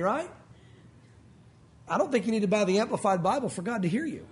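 A man preaching a sermon as pastor, animated and earnest, his voice rising and falling. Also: high-pitched, quick pace, long pauses.

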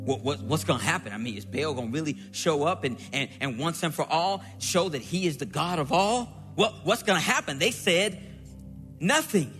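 Guy preaching a sermon, big swings up and down, long echo, soft music under it. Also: on the high side, expressive, normal speed. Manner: dramatic, acts out scripture with rising shouts and playful asides.

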